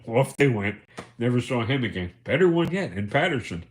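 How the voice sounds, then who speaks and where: A man's voice: mid-range voice, very animated, brisk, slight background noise. A man hosting a livestream, telling rambling, profane anecdotes and chuckling as he goes. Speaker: livestream host. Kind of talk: casual storytelling.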